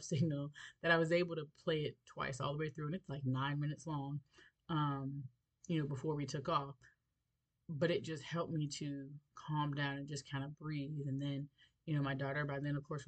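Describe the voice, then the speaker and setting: A middle-aged woman hosting a faith podcast, telling a personal story in an expressive, animated way with light laughs. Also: low voice, husky, poor audio. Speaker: podcast host.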